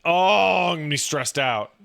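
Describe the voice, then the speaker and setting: A man in his thirties chatting casually about raising a baby, profane and animated, full of "like" and restarts. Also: a little high, moderate pace, gravelly. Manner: profane, animated storytelling with lots of "like". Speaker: podcast talker, new father. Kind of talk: casual chat.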